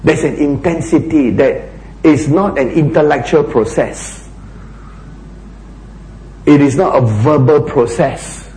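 A man preaching a sermon, asking rhetorical questions and dropping to a hushed voice for emphasis. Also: fairly high pitch, slow, long pauses, reverberant, slight background noise, low-quality recording.

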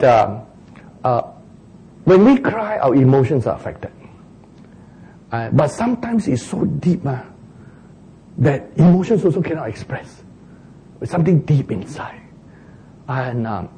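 Male preacher, animated sermon delivery, husky and mellow tone. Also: on the high side, rough recording. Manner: animated, mimics crying sounds for humor.

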